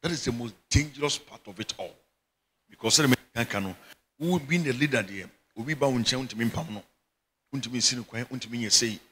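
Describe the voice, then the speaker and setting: A man's voice: mid-range voice, brisk, fairly bright tone, husky. A middle-aged Ghanaian man preaching a sermon as bishop, emphatic and often breaking into laughter. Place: church chapel.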